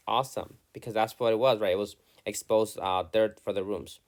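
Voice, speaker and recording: A man's voice: lowish voice, a little fast, vocal fry, hardly any pauses. A male teacher reading a student's story aloud, stumbling and restarting, with short comments between passages.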